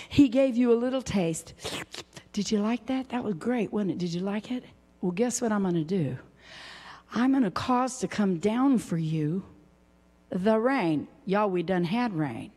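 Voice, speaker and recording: A woman preaching a sermon, swinging from high exclaiming to hushed whispers. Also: lively intonation, measured pace. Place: church sanctuary. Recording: long reverb of a church hall.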